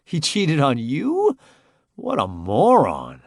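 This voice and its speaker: A man's voice: fairly high pitch, huge pitch swings, slow pace, gravelly, no echo, studio quality, voice pushed up, exaggerated voice. A man doing a cocky, joking young guy. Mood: mocking. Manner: mocking, cackling banter.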